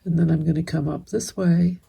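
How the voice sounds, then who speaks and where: A middle-aged woman hosting a casual embroidery tutorial, chatting gently and thinking aloud as she demonstrates each stitch. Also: sits low, steady tone, brisk, creaky, husky. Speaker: embroidery teacher and channel host. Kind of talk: casual step-by-step craft tutorial.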